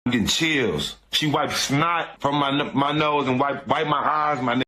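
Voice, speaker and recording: A man's voice: mid-range voice, normal speed, noisy background. A man telling a long personal story in a casual, slangy, repetitive way on a livestream.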